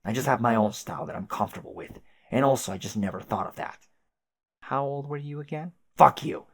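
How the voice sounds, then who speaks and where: A man's voice: mid-range voice, a little fast, lightly acted. A man barking as a bratty, hot-tempered alien brat. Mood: defensive. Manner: shouty, insulting, indignant. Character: bratty, hot-tempered young male alien demanding answers.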